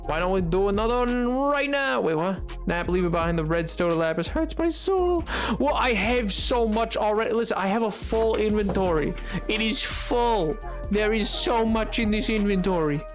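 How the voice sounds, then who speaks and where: A live streamer talks loosely with viewers while playing, drifting between half-finished stories and replies to chat, with sudden squeaky yelps. The voice sits at a middling pitch, and some quiet music runs faintly underneath. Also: animated, moderate pace. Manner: rambling, answers chat, sudden high-pitched outbursts.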